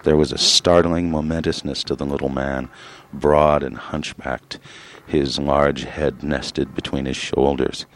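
A man reading a literary story aloud in a measured, grave way with drawn-out pauses. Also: very deep voice, level tone. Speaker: narrator.

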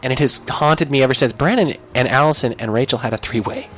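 A young man telling a comic story on a podcast, animated and profane, jumping into loud yelps when he acts out his own lines. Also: mid-range voice, fast.

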